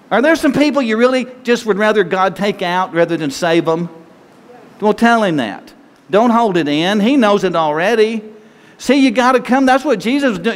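Man preaching, high voice, conversational sermon, rhetorical questions, echoing hall. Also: animated, moderate pace. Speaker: pastor. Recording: long reverb hall, faint noise.

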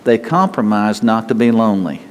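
A man's voice: on the low side, expressive, normal speed, long reverb tail. A man pastor preaching a sermon in an earnest, conversational way, often repeating and restarting his words.

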